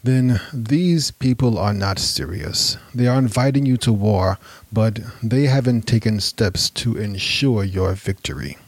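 A man's voice: lowish voice, measured pace, vocal fry, few pauses, dry recording. A man voicing a worried, skeptical elder cousin with a grave, dire tone.

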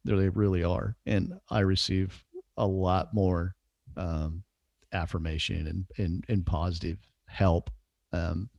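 A man with a very low, gravelly and husky voice talks as a pastor in a relaxed podcast conversation. He sounds easygoing and upbeat. The recording is dry and close. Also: measured pace, dry recording, lo-fi sound. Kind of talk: casual podcast chat.

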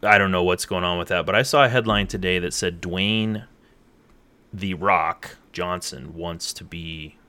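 Bright-voiced low man, rambling chat. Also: gravelly. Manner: rambling, hesitant, trails off mid-sentence. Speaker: podcast co-host. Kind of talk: casual chat.

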